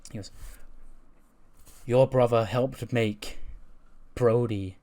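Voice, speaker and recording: A man's voice: medium pitch, steady tone, slow, mellow, natural voice. A man reading as a brooding cult-leader wrestler. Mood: solemn.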